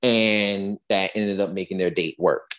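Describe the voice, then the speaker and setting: A woman's voice: rumbling low, a little slow. A woman co-hosting a podcast in casual chat, telling a story in an emphatic, exasperated way. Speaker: podcast co-host.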